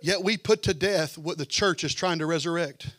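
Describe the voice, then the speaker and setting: A man preaching a fervent sermon as pastor, building to shouts and then dropping low. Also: normal speed, no echo.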